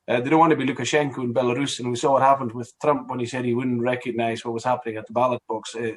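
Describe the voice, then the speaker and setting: A middle-aged man from Scotland, speaking as a guest MP in a casual political discussion, rambling with many fillers, restarts and wry asides. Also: medium pitch.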